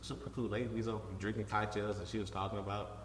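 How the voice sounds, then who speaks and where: A man, a political candidate, talking in a casual interview with animated, profane storytelling and frequent restarts. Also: fairly low pitch, rapid-fire, slight background noise. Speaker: congressional candidate. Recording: echoey room with long reverb.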